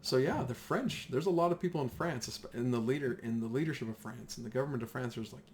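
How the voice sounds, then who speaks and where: Male history teacher, casual and animated, mid-range voice, slight background hiss. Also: mid-range voice, quick pace. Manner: chatty, animated, acts out voices of nations.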